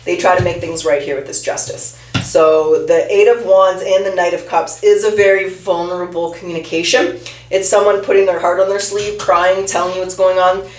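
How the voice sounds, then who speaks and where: A woman's voice: lowish voice, fairly even intonation, moderate pace, darkish tone. A woman giving a casual tarot reading, chatting straight to her viewer. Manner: chatty, addresses the viewer directly. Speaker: tarot reader. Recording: echoey room, mic at a distance, faint noise.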